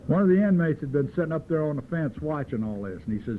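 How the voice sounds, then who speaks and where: A man's voice: on the high side, fast talker, few pauses. A man giving a folksy, joking talk from the podium at a recovery meeting, telling stories in an earthy way. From Southern California. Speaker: AA meeting speaker. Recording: old phone-like tape with faint hiss.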